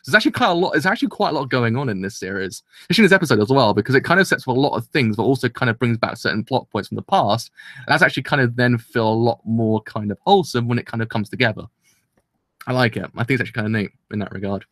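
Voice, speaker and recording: A young man casually reviewing an anime episode, rambling and excitable, with many restarts. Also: medium pitch, rapid-fire, dry recording, studio quality.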